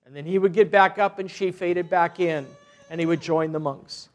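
A male parish priest preaching a sermon, retelling a story in an earnest, unhurried way with frequent restarts. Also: on the high side, steady tone.

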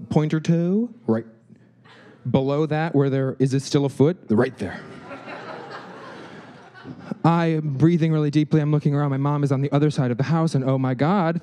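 Brief: male storyteller, mellow tone, animated, slips into quoted voices. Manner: animated, acts out quotes with shifting pitch. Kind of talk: personal storytelling.

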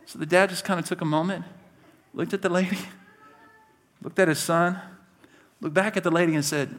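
A man preaching a sermon to his church, animated and conversational, laughing along with his stories and talking straight to the congregation. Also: high-pitched, normal speed, pauses often. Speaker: pastor.

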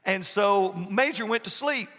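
A man's voice: high-pitched, unhurried, pushed and bright. A man, preaching a sermon as pastor in an emphatic, folksy storytelling way. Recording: long hall reverb.

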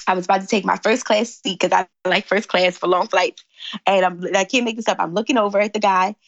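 A woman from Philadelphia, a company founder, telling stories animatedly in an interview and acting out quotes with big jumps in pitch. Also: steady tone, fast talker, creaky, dry recording, highs cut off. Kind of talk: animated storytelling in conversation.

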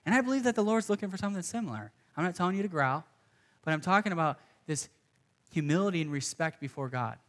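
Young male pastor, slightly high voice, earnest and chatty from the pulpit. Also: expressive, fast. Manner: earnest, conversational preaching with asides. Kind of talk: sermon.

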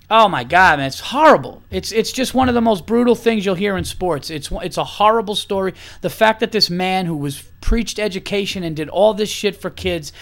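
A man hosting a podcast, ranting with heated, profane emphasis and repeating himself. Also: high-pitched. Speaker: podcast host. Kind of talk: angry opinion rant.

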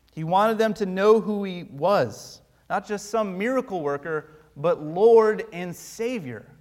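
A man preaching a sermon, his clear in every line. His voice sits a bit higher than most men's. He pleads earnestly and slips in dry humor. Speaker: pastor.

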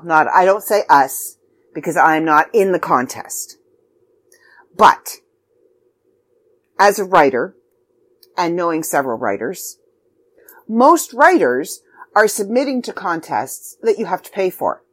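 A chatty middle-aged woman from Canada gives a casual announcement about a writing contest. Her pitch swings freely from low to high, and she drops in quick, emphatic, self-deprecating asides. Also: very animated. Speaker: magazine editor and contest promoter.

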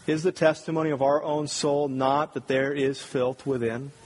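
A man preaching a sermon with strong emphasis, swinging from loud, ringing peaks down to low, quiet stretches. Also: steady tone, moderate pace, a little hiss or hum. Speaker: pastor.

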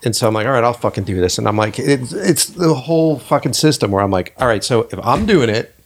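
Podcast host guy in a studio, blunt and sweary, mid-pitched voice, acts out other people's lines. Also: lively intonation, fast talker. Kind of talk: casual podcast conversation.

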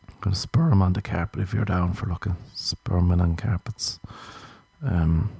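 Irish guy rambling crude funny stories, lowish mellow voice, dry close sound. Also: fairly even intonation, moderate pace, creaky, husky, dry recording. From Ireland. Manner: rambling, crude, jokey storytelling with laughs. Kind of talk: casual comedic monologue.

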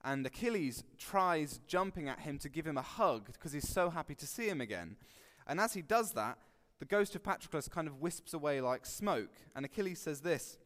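A man giving a relaxed, conversational sermon, joking and acting out quotes with sudden loud bursts. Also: fairly high pitch, normal speed, few pauses. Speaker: preacher. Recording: long hall reverb.

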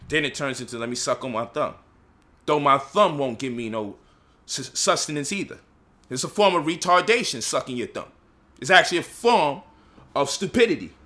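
A man lectures with fervor, his voice bright and forceful and sitting a little high for a man. He piles up rhetorical questions and mocks the people he quotes. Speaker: speaker leading a discussion. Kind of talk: impassioned lecture.

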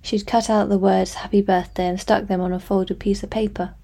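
Mellow-voiced woman narrating a novel. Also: mid-range voice, level tone, normal speed, gravelly. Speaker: audiobook narrator. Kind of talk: scripted narration.

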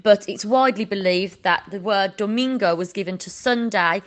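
A woman teaching children a Spanish lesson, slowly drawing out each word for them to repeat. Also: medium pitch. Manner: slow, drawn-out modelling of words for repetition.

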